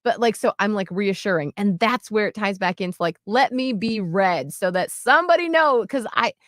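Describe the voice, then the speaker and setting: A woman in her thirties co-hosting a radio show, telling stories in long, animated, self-deprecating stretches. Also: medium pitch, moderate pace, no echo, studio quality. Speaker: radio co-host. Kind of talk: candid casual chat.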